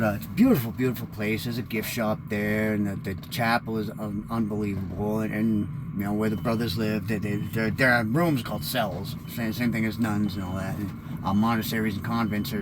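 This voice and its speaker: A man's voice: on the low side, steady tone, moderate pace, noisy background. A man in his fifties rambling through a candid, profane personal monologue as host of his own show. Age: 50s.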